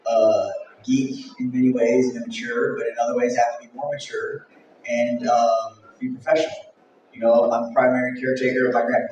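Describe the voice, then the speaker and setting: A man's voice: medium pitch, a little mellow, slight background noise. Guy running a convention panel, rambly and jokey, super echoey hall, sounds far from the mic. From Mexico. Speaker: convention organizer. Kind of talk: casual panel talk. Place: event hall.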